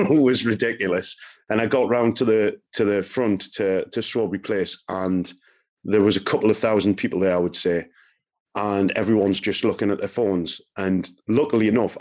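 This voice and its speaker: Lower-voiced male co-host, enthusiastic eyewitness retelling, casual chat. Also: a little mellow. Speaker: podcast co-host.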